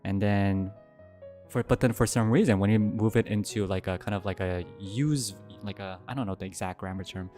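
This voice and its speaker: A man's voice: moderate pace, faint music behind. Chatty young man telling stories. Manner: animated storytelling, jumps to high yelps when recounting fear. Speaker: streamer. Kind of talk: casual Q&A livestream chat.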